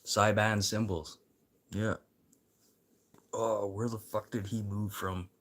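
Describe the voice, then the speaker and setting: Very deep-voiced rambling livestreamer man. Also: level tone, slow. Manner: rambling, profane, swinging between muttering and loud encouragement. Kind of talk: rambling casual livestream chat.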